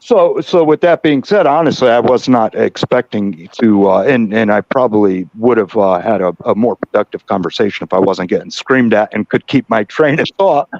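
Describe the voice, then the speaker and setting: A man's voice: on the low side, moderate pace, few pauses, a little mellow, dry recording. Stammering defensive man on dull audio. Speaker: guest in a live stream. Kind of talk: argumentative live chat.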